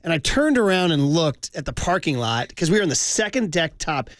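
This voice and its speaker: A man's voice: a little high, sing-song, brisk, fairly bright tone, no room sound, studio quality. A man in his forties hosting sports talk radio, telling heartfelt fan stories with passion and saying "dude" a lot.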